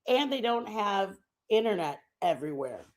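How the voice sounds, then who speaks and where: A middle-aged woman from the United States rambles on a live stream, chatting loosely with her viewers. She sits at a middling pitch, and her talk wanders from one aside to the next. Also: very animated, normal speed, darkish tone. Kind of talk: casual chat.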